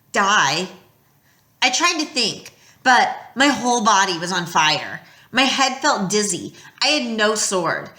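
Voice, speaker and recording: Brief: animated female audiobook narrator, bright and lively, tense beats read softer, roomy echo. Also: medium pitch. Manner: expressive storytelling, drops quiet at tense moments. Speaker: audiobook reader. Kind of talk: first-person novel narration.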